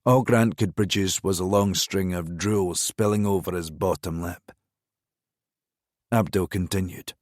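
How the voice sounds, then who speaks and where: A man narrating a crime thriller audiobook in a measured, even-toned reading. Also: low-pitched, dry recording, clean studio sound. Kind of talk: scripted narration.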